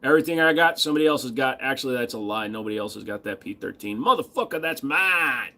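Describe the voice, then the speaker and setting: A man's voice: medium pitch, little pitch movement, rapid-fire, sharp tone. Crude, joking man hosting a livestream. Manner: crude, profane banter with chat. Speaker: livestream host. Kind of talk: casual livestream chat.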